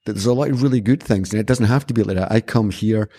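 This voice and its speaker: Man, low voice, mellow tone, earnest, rambling interview talk. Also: fast talker. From Scotland. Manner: earnest, rambling anecdotes with many restarts. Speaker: martial arts instructor, podcast guest. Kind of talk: casual conversational storytelling.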